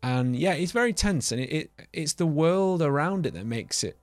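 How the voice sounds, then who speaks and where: A man's voice: a little high, lively intonation, moderate pace, dry recording, faint music behind. A man in casual, jokey conversation about video games, riffing on words. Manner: jokey, playful, riffs on words. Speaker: podcast co-host. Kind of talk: casual gaming chat.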